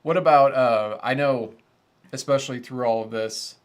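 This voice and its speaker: A man in his thirties hosts a relaxed live stream for his audio channel. He talks in a loose, rambling way and pokes fun at himself. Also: mid-range voice, moderate pace. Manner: rambling, self-deprecating and chatty. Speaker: host of an audio gear channel. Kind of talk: casual livestream chat.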